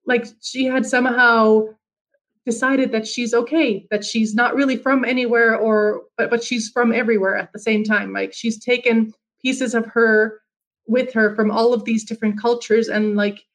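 A woman's voice: a little high, fairly even intonation, moderate pace, fairly bright tone, rough recording. A woman in her thirties from Finland, chatting casually on a podcast, telling stories with lots of restarts and quoted asides. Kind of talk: casual chat.

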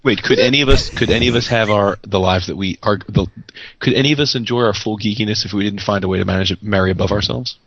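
A man's voice: on the low side, quick pace, a bit bright, dull audio. A man co-hosting a casual podcast, chatty and rambling as he tells stories. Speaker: podcast co-host.

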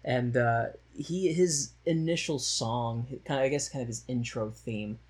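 A man's voice: mid-range voice, unhurried, a little mellow, slightly rough. A man chatting casually about a movie he watched, rambling along with frequent laughs and a sardonic edge. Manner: rambling, laughs often, slips into mocking voices for quotes. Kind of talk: casual chat, movie discussion.

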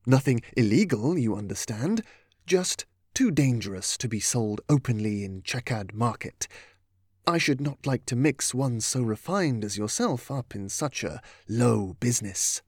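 A man voicing a discreet, formal gentleman merchant who speaks in a hushed voice. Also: medium pitch, animated, unhurried, no echo, studio quality.

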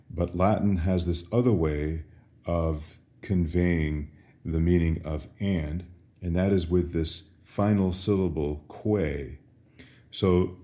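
A man, a priest, teaching Latin responses in a slow drill, asking each phrase and answering with careful, precise pronunciation. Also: low-pitched, dark tone. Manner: slow, deliberate, repeats questions and answers.

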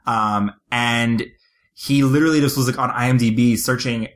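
Male podcast host, mid-pitched, raving casually about films, loose and unfiltered. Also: fairly even intonation, normal speed, a bit bright. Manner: gushing, enthusiastic, swears casually. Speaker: podcast co-host, film reviewer. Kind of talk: casual chat.

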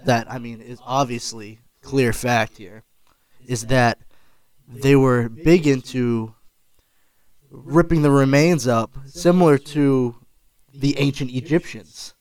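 A man's voice: mid-range voice, slow pace, a little mellow, rough recording. A man co-hosting a podcast, improvising a silly story in a mock-serious tone.

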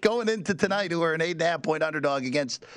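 A man co-hosting a sports betting radio show, telling betting stories in earnest, quick runs. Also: fairly high pitch, a bit bright, dry recording, clean studio sound. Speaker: co-host.

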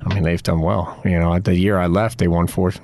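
A middle-aged former college soccer player gives earnest, drawn-out interview answers, full of the filler "you know." His low-pitched voice shows little pitch movement and is a little mellow, with no room sound.

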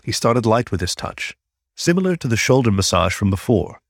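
A man narrating a story in a measured, unhurried way. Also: on the low side, sing-song, no echo, clean studio sound. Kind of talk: audiobook-style story narration.

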